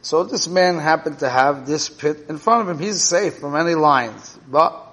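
A man's voice: fairly high pitch, normal speed, a bit bright. A man teaching a Torah class and explaining a parable, checking in with his listeners with "right?" and "okay?". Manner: checks in with listeners, 'right?' and 'okay?'. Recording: reverberant hall.

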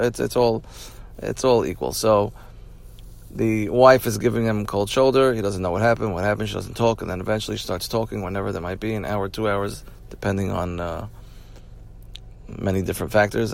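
A man's voice: lowish voice, gravelly, darkish tone, no room sound. A man hosting an advice podcast, talking it through in a repetitive way and restarting his phrases as he explains. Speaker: podcast host.

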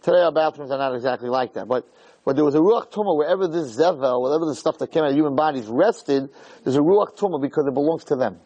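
A man's voice: a little high, fast, dark tone, muffled recording. A man giving a Torah lecture, emphatic and full of rhetorical questions.

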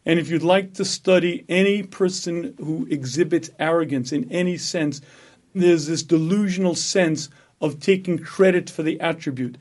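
A rabbi giving a Torah lecture, emphatic and full of rhetorical questions. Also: male voice, on the high side, moderate pace, a little mellow.

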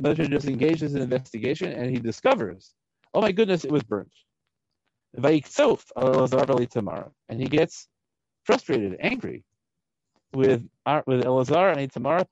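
A man's voice: mid-range voice, darkish tone, no echo, highs cut off. A man teaching a Torah text study, reading Hebrew verses aloud and translating them, with frequent "right?" checks.

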